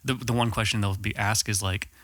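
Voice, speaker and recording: A man's voice: fairly low pitch, steady tone, fairly quick, a bit bright, no room sound. A man on a podcast as a filmmaker guest, chatty and storytelling, full of "like" and "um". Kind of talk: casual podcast chat.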